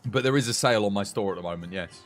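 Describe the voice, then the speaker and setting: A man's voice: lowish voice, rapid-fire, slight background noise. A British man chatting casually with his live-stream viewers, rambling and answering chat. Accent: British English. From United Kingdom.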